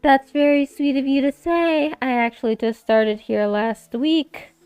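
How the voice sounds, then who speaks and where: A woman's voice: high-pitched, a little slow, a little mellow. A woman voicing a shy young barmaid in a text game, speaking sweetly and politely.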